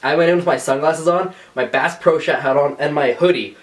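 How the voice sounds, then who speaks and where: A man's voice: on the high side, brisk, distant mic. A man co-hosting a podcast in casual chat, telling stories with lots of swearing and put-on voices. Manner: swears a lot, animated storytelling with voices. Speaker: podcast co-host.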